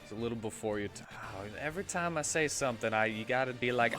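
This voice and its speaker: A man streaming a game, chatting casually and retelling a film in a halting, rambling way. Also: mid-range voice, animated, a bit bright. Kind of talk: casual chat while gaming. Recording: faint game music behind.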